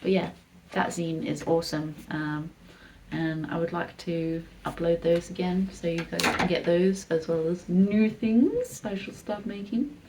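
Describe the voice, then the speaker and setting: A woman's voice: fairly low pitch, unhurried, few pauses, a little hiss or hum, low-quality recording. A woman in casual vlog chat, rambling as she gives a tour of her home. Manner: chatty and rambling, soft asides to herself. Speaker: artist vlogger.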